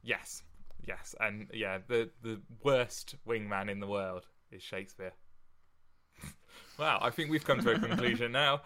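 A man co-hosting a casual podcast chat, animated and quick to laugh, often restarting his sentences. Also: lowish voice. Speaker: podcast co-host. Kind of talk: casual chat about Shakespeare's sonnets.

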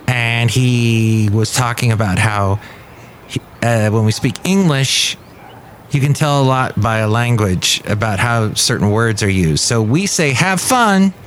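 A man's voice: medium pitch, fairly bright tone. Male podcast host, casual, wry rambler, faint background hiss. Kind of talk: casual solo podcast chat. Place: café.

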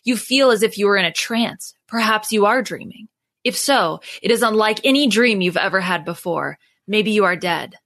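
A woman host reading an adventure gamebook aloud to her friends in steady narration. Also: mid-range voice, normal speed, dry recording.

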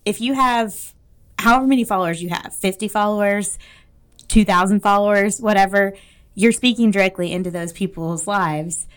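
A woman's voice: medium pitch, normal speed, clear, resonant tone. Friendly Southern woman co-hosting. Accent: Southern American. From Southeast United States. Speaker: podcast co-host. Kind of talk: casual chat.

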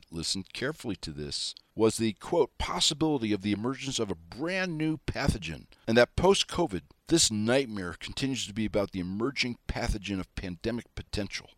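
A man hosting opinionated news commentary, sarcastic and animated, talking straight to his listeners. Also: lowish voice, a little fast, hardly any pauses, no room sound. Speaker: political commentary host.

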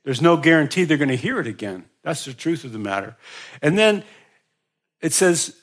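Guy preaching a sermon, kinda high voice, gets loud and emphatic, repeats himself a lot. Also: very animated, normal speed. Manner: emphatic, rising in pitch and volume for emphasis; repeats words and restarts phrases. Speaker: pastor.

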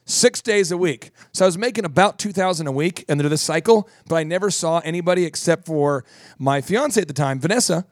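A man hosting a podcast, telling stories in a casual, animated and joking way. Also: on the high side, fairly quick, no echo, studio quality. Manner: animated, jokey, does voices. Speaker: podcast host, business coach. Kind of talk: casual storytelling chat.

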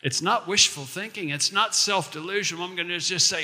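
A male pastor preaching a sermon in a conversational way, slowing down to recite verses and lines. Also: sits high, bright, forceful tone, in a large hall.

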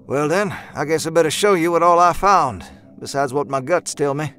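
An actor playing a jittery, eager young male miner who talks in a folksy backwoods dialect with hushed urgency. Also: a little high, moderate pace, soft background music. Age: young adult. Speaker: character in an audio drama. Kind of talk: audio drama acting.

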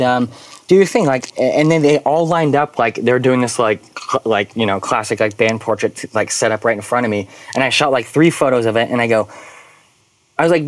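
A man casually telling a story about his work as a photographer, animated and full of filler words, acting out quoted dialogue. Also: medium pitch, dry recording.

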